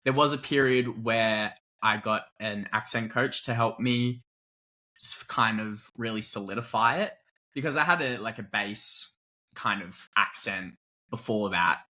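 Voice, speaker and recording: Young man from Australia, interview guest, bright edge to his voice, loose and chatty with lots of "like" fillers, laughs easily. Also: on the low side, unhurried. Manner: relaxed, laughing often, many "like" fillers. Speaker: guest actor. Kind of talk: casual interview chat.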